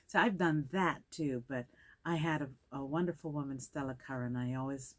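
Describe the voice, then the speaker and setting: An older woman from the Caribbean with a Caribbean British accent, speaking as a guest actress in a reflective interview and acting out the voices she quotes. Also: a bass voice. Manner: measured, acts out quoted voices.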